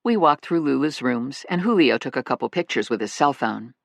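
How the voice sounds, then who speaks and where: An audiobook narrator giving a wry, lively scripted reading. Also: mid-range voice, brisk, vocal fry, no echo.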